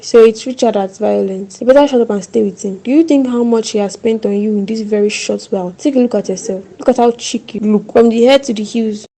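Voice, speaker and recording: A domineering older Nigerian mother in a cartoon, who scolds and pushes her daughter with a bossy manner. She has a dark, mellow tone at a middle pitch. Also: brisk, few pauses. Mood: scolding. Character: pushy money-minded older mother-in-law. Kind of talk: cartoon voice acting.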